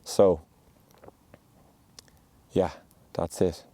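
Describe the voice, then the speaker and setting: A podcast host speaks a heartfelt, reassuring monologue while on a mountain, his voice low and mellow and his manner earnest. He talks very slowly with a flat delivery, and the recording is close and dry.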